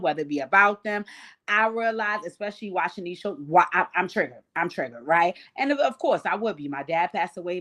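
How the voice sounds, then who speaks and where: A woman hosting a livestream, giving a blunt, profane, animated recap of reality TV. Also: on the low side. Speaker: host.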